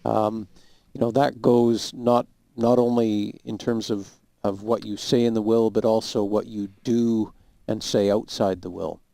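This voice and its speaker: A man, a lawyer guest, giving measured, emphatic legal advice on a talk show. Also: on the low side, steady tone, gravelly, mellow, no echo. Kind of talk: explaining law on a talk show.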